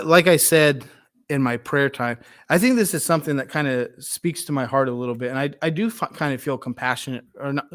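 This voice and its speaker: A male pastor giving a sermon in a conversational way, acting out Bible scenes with quick voices and asides. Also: medium pitch, fairly bright tone.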